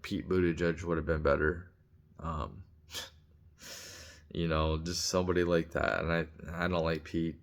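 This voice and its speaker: A man giving a casual opinion monologue, blunt and rambling, full of restarts and filler words. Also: rumbling low. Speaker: commentator.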